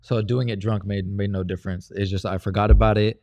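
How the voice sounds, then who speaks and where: Male fighter guest, low-pitched, relaxed, easygoing, conversational. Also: a little fast, creaky, highs cut off. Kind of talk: casual interview chat.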